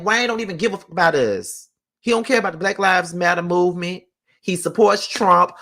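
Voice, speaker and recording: Speaking from his home, a vlogger delivers an angry, casual rant packed with swearing and repeated points. His high-pitched voice sounds pushed and bright.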